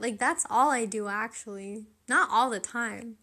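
Young woman, podcast host, slightly high voice; casual, rambling, self-questioning chat with frequent laughs. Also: normal speed, pushed and bright. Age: young adult. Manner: laughs often while talking.

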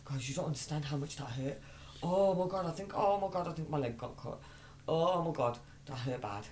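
A woman's voice: low-pitched, animated, a little fast, darkish tone, slight background noise. A woman co-hosting a podcast, dramatic in casual chat, swearing and shrieking. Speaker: podcast co-host.

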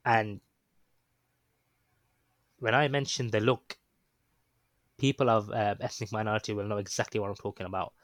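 A man's voice: lowish voice, fairly even intonation, moderate pace, long pauses, a bit bright, dry recording. A man casually telling a story, rambling and hesitant with lots of ums and restarts. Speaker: guest recounting his experience.

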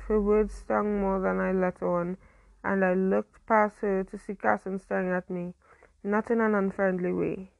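Young woman, casual story reading, creaky gravelly voice, dry close sound, small slips. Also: mid-range voice, level tone, unhurried, no echo. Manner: reads with slips and self-corrections. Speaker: story reader.

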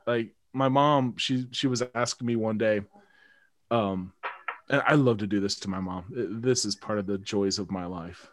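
A man telling a story in a casual podcast chat, laughing often and mimicking the people he quotes. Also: lowish voice.

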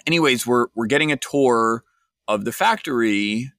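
A man's voice: medium pitch, moderate pace, a bit bright, dry recording. Man with a dry, conversational delivery. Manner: conversational, wry, with fillers and restarts. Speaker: podcast host. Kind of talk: casual storytelling and commentary.

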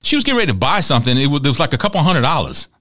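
Middle-aged man, talk show host, chatty storyteller, lively swinging pitch, bright tone. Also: racing. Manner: chatty, animated storytelling with voiced quotes. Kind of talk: conversational monologue.

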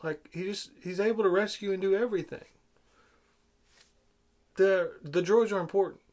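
A man with a high voice gives a casual, opinionated film review at a moderate pace. He's sarcastic and exasperated, and his loudness swings widely.

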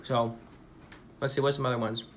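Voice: medium pitch, level tone, moderate pace. A podcast host chatting casually at home, goofy and rambling, breaking into bits of song.

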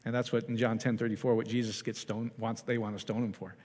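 This pastor's voice sits on the low side, darkish and level in tone, moving at a quick clip. His sermon is chatty and relaxed, full of questions for the congregation and frequent restarts, and the hall adds a long reverb.

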